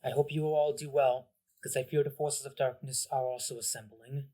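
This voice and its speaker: A man voicing a kindly female goddess who speaks gently and encouragingly. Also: medium pitch, fairly even intonation, moderate pace, natural voice.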